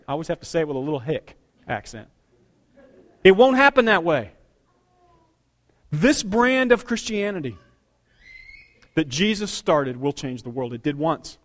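Brief: middle-aged male pastor, high tenor voice, punchy preaching that drops low and rises loud. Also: very animated, moderate pace, long pauses. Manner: emphatic preaching with sudden loud and quiet turns. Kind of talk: sermon. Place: church sanctuary.

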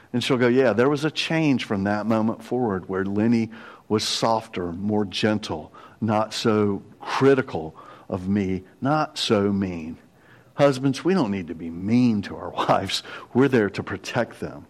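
A middle-aged male pastor with a mid-range voice preaches a confessional sermon. He tells a personal story, quoting the voices of others.

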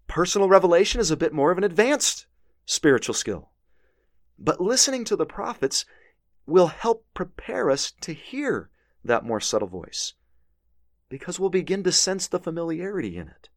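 A man's voice: high voice, sing-song, moderate pace, no echo, studio quality. A man teaching a scripture lesson, reading verses aloud with earnest emphasis. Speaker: religious teacher.

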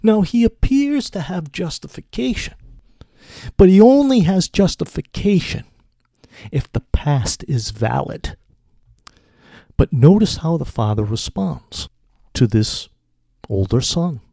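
A man preaching a sermon in a measured, deliberate way. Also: on the high side, lively intonation, creaky, dark tone, no echo, clean studio sound.

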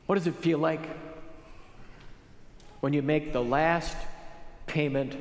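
A man preaching a sermon as pastor, with animated, emphatic rises on key phrases. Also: fairly high pitch, slow pace, slight background noise. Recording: echoey hall with long reverb.

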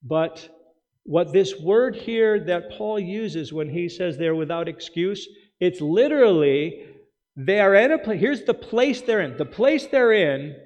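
A male pastor preaching a sermon, with emphatic rhetorical questions and quick asides. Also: fairly high pitch, a little mellow. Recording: dull sound with long hall reverb.

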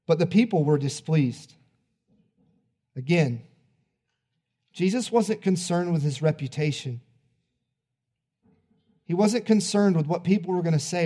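A male pastor preaching a sermon, retelling a story in an animated, conversational way. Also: on the high side, unhurried, long pauses.

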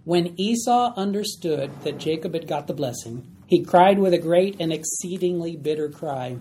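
A man's voice: on the high side, lively intonation, moderate pace, dark tone, a little hiss or hum. A man leading a Bible study, explaining verses plainly and now and then acting out the characters' lines. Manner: explains plainly, acts out voices.

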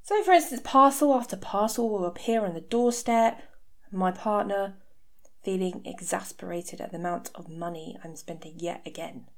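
A woman's voice: medium pitch, moderate pace. A woman in her thirties hosting a podcast, talking frankly about her own life with dry, sarcastic asides. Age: 30s. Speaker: podcast host. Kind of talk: candid personal podcast talk. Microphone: home podcast mic.

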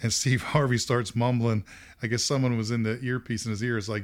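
A man's voice: mid-range voice, steady tone, brisk. A middle-aged man hosting a podcast, telling a story in casual talk, laughing often and acting out quotes. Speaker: podcast host.

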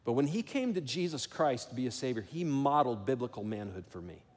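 A man's voice: mid-range voice, lively intonation, brisk, in a large hall. A middle-aged man preaching a sermon as pastor, telling a personal story earnestly and building to emphatic calls to action.

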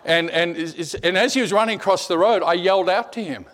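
A middle-aged man preaching a sermon, telling personal stories in an animated way, repeating words and dropping to a hush. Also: high-pitched, brisk.

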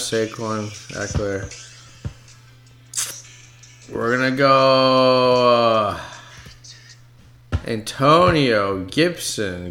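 A man calls his own fantasy football draft in a loose, excitable way, chatting to viewers between picks. His voice has a gravelly rasp at a middle pitch, and he swears when a pick slips away. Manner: excitable, talks to viewers as folks, swears under pressure. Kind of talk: casual live draft commentary.

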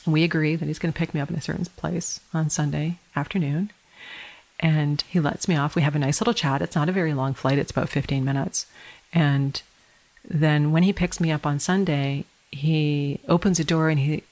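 A middle-aged woman telling her life story as a podcast guest, animated and laughing often. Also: low-pitched, brisk. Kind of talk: conversational storytelling.

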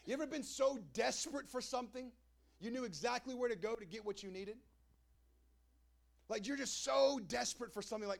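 A man's voice: sits high, fairly even intonation, fast talker. A young man preaching a sermon as the pastor, in a casual, conversational way with slangy asides. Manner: casual preaching, acts out crowd and Jesus in quoted voices.

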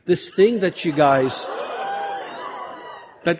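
A man's voice: fairly high pitch, animated, moderate pace, long reverb tail. A man co-preaching at a church service, teasing and laughing as he banters with the other pastor. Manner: playful, teasing, laughs often. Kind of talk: sermon with banter. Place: church auditorium. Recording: live church recording with congregation noise.

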